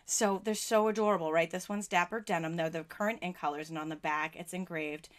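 A woman's voice: on the low side, steady tone, brisk. A woman hosting a live video about card-making supplies, chatting casually with viewers in a bubbly, gushing way.

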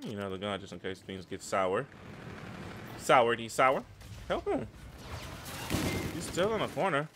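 A young man giving live, slangy, excitable commentary over his own shooter gameplay. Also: medium pitch, measured pace, long pauses, background noise. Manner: excitable, slangy, trash-talking. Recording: game gunfire behind the voice.

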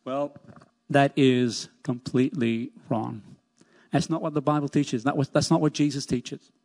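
A man's voice: medium pitch, steady tone, unhurried, creaky, a little mellow. A man preaching a sermon as pastor, emphatic, repeating key phrases and lifting his voice on scripture. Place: church sanctuary. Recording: long church reverb.

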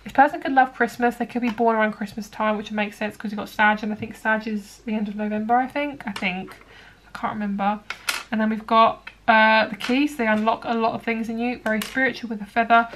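Young woman doing a casual tarot reading, chatty and rambly, slightly high pitch. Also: level tone, fast talker, a bit bright, a little hiss or hum. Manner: chatty, rambling, many likes and ums. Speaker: tarot card reader.

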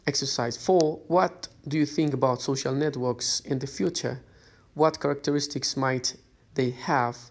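A man's voice: medium pitch, fairly even intonation, moderate pace. A male English teacher talks through a list of workbook exercises in a plain, patient voice. He reads each instruction aloud and keeps checking in with a rising "okay?" as he moves from page to page. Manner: guides students step by step, often checks with a rising "okay?". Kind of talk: recorded lesson instructions.

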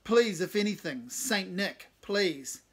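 A man voicing a booming, playful male rock star with an Australian accent, shouting out teasing commands. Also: expressive, takes it slowly, husky, exaggerated voice. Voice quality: booming, loud.

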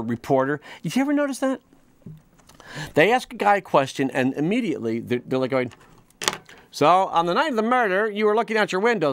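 A man hosting his own comedy show, delivering a rambling, animated monologue full of restarts and quick mock voices. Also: on the high side, dry recording. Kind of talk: comic monologue.

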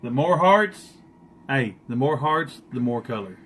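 Playful bright-voiced man. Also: medium pitch, lively intonation, a little slow, slight background noise. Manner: playful, teasing, boastful. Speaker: guest makeup artist on a live stream. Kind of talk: joking live-stream banter.

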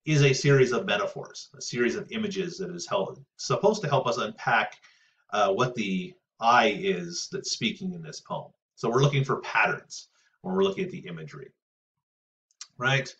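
A man gives a relaxed recorded lecture, thinking aloud with plenty of fillers and frequent "right?" checks. His voice sits low. The audio is dull and lo-fi, and he sounds a little distant from the mic. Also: moderate pace, slight background noise. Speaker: teacher.

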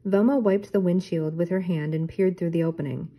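An older woman reads a children's book aloud, gentle and unhurried. Her voice is low-pitched, mellow and dark, with a breathy, husky edge. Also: fairly even intonation, poor audio. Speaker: teacher reading aloud. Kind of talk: storybook read-aloud.

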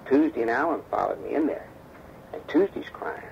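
A man telling a story from his past in an interview. He acts out the dialogue lively as he talks, on a damaged tape recording. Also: medium pitch, fairly quick, vocal fry. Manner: animated storyteller acting out quoted dialogue. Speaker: interview guest, former bodyguard. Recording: dull damaged tape with faint hiss.

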